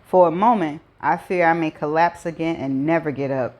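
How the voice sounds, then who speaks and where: Low-voiced woman reading a novel aloud. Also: normal speed, hardly any pauses, a little mellow. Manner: adds her own chatty asides. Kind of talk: first-person novel read-aloud.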